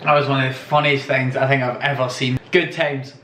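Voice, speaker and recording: In a loose, laughing stream of travel tales peppered with swearing, a young male vlogger speaks at a mid-range pitch with a level, slightly fast, pushed and bright delivery. The mic sits far away in a reverberant room, and a little hiss or hum can be heard.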